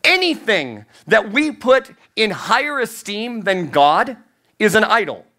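Slow, emphatic youth pastor, man. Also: sits high, big pitch swings, pushed and bright. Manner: emphatic, repeats key phrases, voice climbs on emphasis. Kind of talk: sermon.

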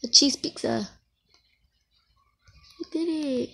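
A woman chatting her way through an online game in a casual, excitable voice. She speaks at an unhurried pace, with a voice a touch higher than most, and keeps breaking into exclamations. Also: vocal fry. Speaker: gamer.

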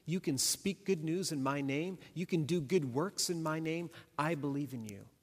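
A man voicing Jesus as a gentle, encouraging male teacher who offers repeated reassurance. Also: fairly high pitch, normal speed, natural voice. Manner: warm, repetitive reassurance. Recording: long hall reverb.

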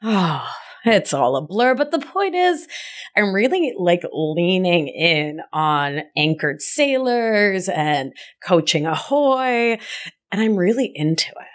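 A woman's voice: lowish voice, sing-song, takes it slowly. A woman life coach hosting her podcast, talking in an affectionate, chatty way and often laughing at herself. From Argentina, raised in Rhode Island. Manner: affectionate, calls listener my love, laughs at herself. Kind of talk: warm conversational podcast monologue.

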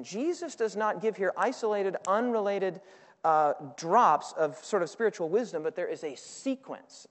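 High-voiced male preacher in a reverberant hall. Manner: dynamic, swings between loud and quiet; asks the audience for responses. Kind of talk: sermon to a congregation. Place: large hall with audience.

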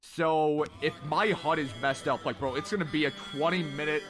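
A talkative man hosts a gaming live stream from home. His voice sits a little higher than most men's. He rambles freely between shout-outs to his viewers. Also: steady tone, normal speed, faint music behind. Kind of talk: casual live-stream chat.

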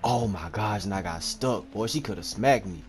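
A young man giving live gameplay commentary, excitable and trash-talking, repeating phrases quickly as he plays. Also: on the low side. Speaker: gaming video creator. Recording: steady clear background noise.

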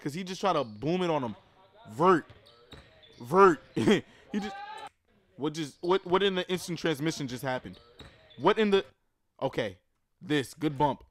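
Male streamer, casual basketball reaction commentary, slangy and excitable. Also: on the high side, a little fast. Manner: excitable, loud outbursts, slangy.

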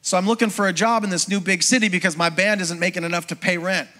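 A middle-aged man, a pastor, preaching a sermon as a lively personal testimony and acting out the voices of people in his story. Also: high-pitched, quick pace. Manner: storytelling, acts out quoted voices, conversational with congregation.

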